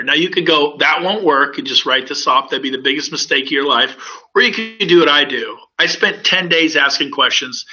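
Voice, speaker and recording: A man's voice: a little high, pushed and bright. A man, a real estate broker, giving an upbeat, persuasive sales presentation to recruits in a webinar. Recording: dull lo-fi audio.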